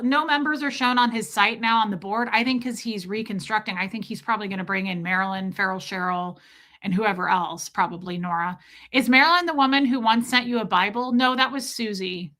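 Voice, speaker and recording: A woman's voice: medium pitch, bright, forceful tone. A woman hosting a casual livestream, telling a story emphatically and acting out the voices of people in it. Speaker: livestream host.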